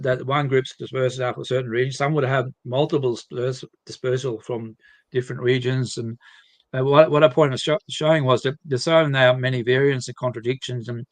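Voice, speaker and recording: A man speaking as a guest at a live seminar, explaining in halting phrases with frequent restarts. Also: mid-range voice, no echo. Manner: halting, many restarts and repeated words.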